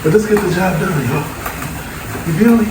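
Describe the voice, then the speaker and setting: This middle-aged dad vlogger, a bit high-pitched and speaking at normal speed, rambles chattily to camera and addresses viewers directly. He's in a small, dusty home basement, and the noisy phone audio carries echo and loud background noise.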